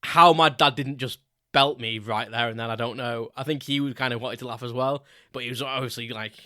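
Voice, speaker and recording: A British man hosts his own podcast, spinning a chatty, rambling anecdote peppered with casual swearing. His voice is bright and forceful, recorded dry and close with no room sound. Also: medium pitch, steady tone, fairly quick, dry recording. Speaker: podcast host. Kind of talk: casual solo storytelling.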